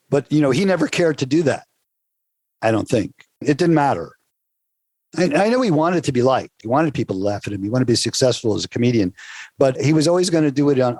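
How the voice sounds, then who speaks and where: A man of ordinary pitch looks back on a fellow comic, speaking in a measured way that often stops and restarts. The sound is dry and close, with no room around it. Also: a little mellow, no echo. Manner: thoughtful, measured, many restarts. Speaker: interviewee, fellow comedy peer. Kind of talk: reflective oral-history recollection.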